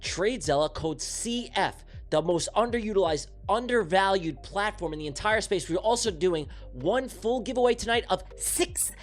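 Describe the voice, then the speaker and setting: A man voicing a hyped male ad announcer, loud and punchy. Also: animated, soft background music. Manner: loud, punchy, rapid pitch. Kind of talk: sponsor read.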